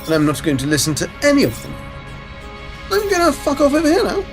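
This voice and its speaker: A man voicing his pet dog as aloof and dismissive, jumping into a higher voice. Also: wildly swooping pitch, fast, music in the background, exaggerated voice. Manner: dismissive, sudden high leaps.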